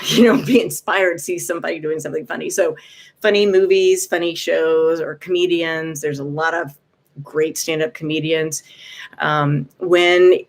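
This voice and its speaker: A woman speaking gently to a viewer, offering warm encouragement in a casual vlog. She pauses often to find her words and laughs softly now and then. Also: low voice. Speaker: vlogger. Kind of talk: casual heartfelt advice talk.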